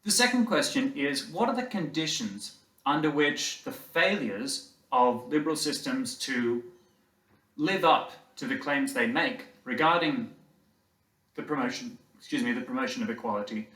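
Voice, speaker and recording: A man's voice: medium pitch, a bit bright. Male lecturer in an echoey hall. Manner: conversational, halting with fillers. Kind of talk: university lecture. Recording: roomy hall, distant mic.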